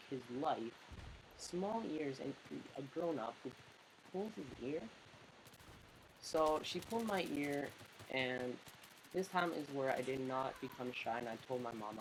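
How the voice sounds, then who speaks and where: A man's voice: medium pitch, normal speed, noisy background. A young man telling a childhood story in a rambling, casual way while commenting over gameplay. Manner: rambling, full of "like" fillers. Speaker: gaming commentator. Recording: loud game gunfire behind voice. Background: game gunfire.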